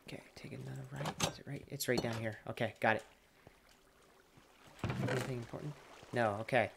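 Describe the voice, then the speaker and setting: A man's voice: mid-range voice, steady tone, fairly quick, vocal fry. A man commentating his own gameplay casually, groaning and mocking himself over his mistakes. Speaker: gaming streamer. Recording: loud background noise and clicks.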